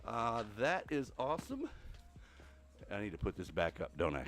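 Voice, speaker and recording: A man's voice: lowish voice, huge pitch swings, normal speed, a bit bright. An older man hosting a casual game livestream while walking on a treadmill, out of breath, rambling and thinking aloud to his viewers. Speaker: Minecraft livestream host. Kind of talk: casual gameplay livestream chat.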